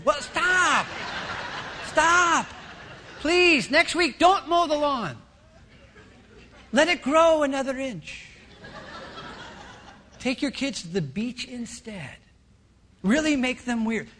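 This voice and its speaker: A middle-aged male pastor preaching a sermon, telling stories and acting out voices in an animated way. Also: very high-pitched, unhurried, long pauses, slight background noise. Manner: animated storytelling with acted-out voices.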